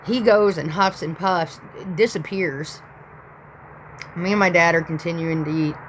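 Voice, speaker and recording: A woman's voice: lowish voice, a little slow, slight background noise, rough recording. A woman in her thirties telling a rambling, profane story in a casual vlog.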